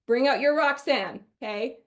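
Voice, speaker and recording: A high-pitched woman from Wisconsin leads a sales training webinar. She talks in a chatty, energetic way and often slips into quoting customers. She sounds middle-aged. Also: normal speed.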